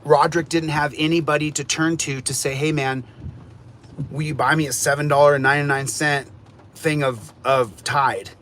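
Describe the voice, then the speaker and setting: A man's voice: fairly high pitch, steady tone, moderate pace, a bit bright, a little hiss or hum. A man ranting on a livestream, rambling and repeating himself, agitated.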